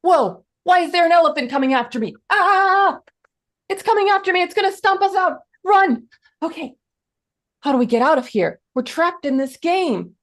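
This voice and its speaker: A woman's voice: high voice, big pitch swings, moderate pace, heavily acted. A woman playing someone panicking after being sucked into a jungle board game, exclaiming frantically. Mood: panicked.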